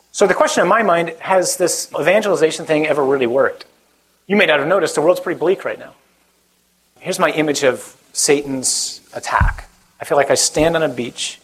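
A priest preaching a conversational sermon to a live audience, joking and putting questions to the listeners. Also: male voice, mid-range voice, breathy edge, poor audio.

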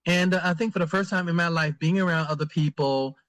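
A man, a priest, answering interview questions in a halting way with many fillers and restarts. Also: a little high, a bit bright.

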